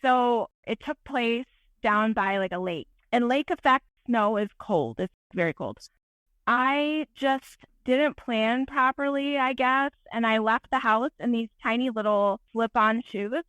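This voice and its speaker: A woman with a slightly high voice tells stories as a podcast guest, lively and self-deprecating. She speaks as a working photographer in casual conversation. The sound is close and dry. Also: measured pace, smooth, no echo. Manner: animated, self-deprecating storyteller. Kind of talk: podcast interview storytelling.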